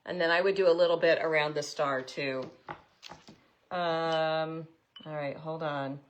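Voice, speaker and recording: A woman's voice: sits low, steady tone, measured pace. A woman hosting a live craft tutorial, chatting with viewers in an upbeat way while she works. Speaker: craft host.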